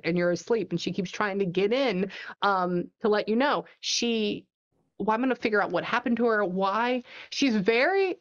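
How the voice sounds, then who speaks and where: A woman psychic medium in a casual one-on-one reading, chatty and animated as she retells what she hears. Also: medium pitch, normal speed, lo-fi sound.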